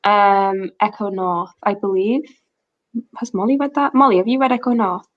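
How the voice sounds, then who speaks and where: Brief: young woman host, relaxed live chat with friends, dry close sound, reads chat aloud. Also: mid-range voice, normal speed, dry recording, highs cut off. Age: 20s. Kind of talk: casual livestream chat.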